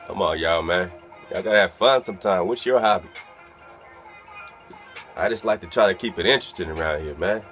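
A man's voice: deep voice, fairly quick, long pauses, fairly bright tone, faint music behind. A man doing a loose, profane freestyle rap and dropping "man" into nearly every line. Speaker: freestyle rapper. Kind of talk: freestyle rap over a beat. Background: instrumental beat.

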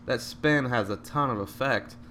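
A man giving live, joking commentary over a video game, with excited outbursts at each shot. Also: mid-range voice, normal speed, a little hiss or hum. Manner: excitable, joking, bursts out at shots. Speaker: gameplay commentator.

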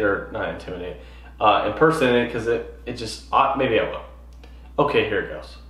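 A man from California hosting a golf podcast, telling stories in an animated, profane rant. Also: fairly low pitch, roomy sound. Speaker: podcast host. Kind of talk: ranting golf podcast monologue.

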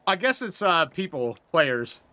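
A man hosting a casual game live-stream, excitable and quick to swear and laugh. His voice is bright and pitched a little high. It jumps around lively as he reacts. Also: no room sound. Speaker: streamer host.

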